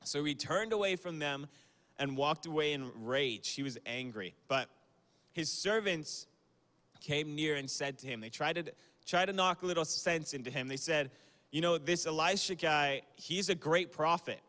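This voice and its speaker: A young man speaks to a youth group in a chatty, informal way, with fillers and quick apologies. His voice sits fairly high. A long hall reverb trails each phrase. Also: bright, forceful tone. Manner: casual, conversational, with fillers and small apologies. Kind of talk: youth sermon on a livestream.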